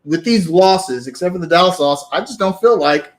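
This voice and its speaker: A man's voice: high-pitched, animated, moderate pace. A man co-hosting a sports podcast, a bit hesitant and trailing off in casual chat. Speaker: podcast co-host.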